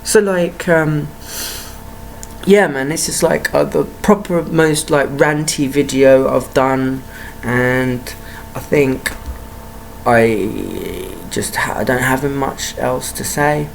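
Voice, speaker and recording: Brief: low, heated woman vlogger, swearing and repeating herself, faint hiss behind. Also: slow, vocal fry. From United Kingdom. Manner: heated, profane, repetitive, rhetorical questions. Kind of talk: ranting monologue to camera.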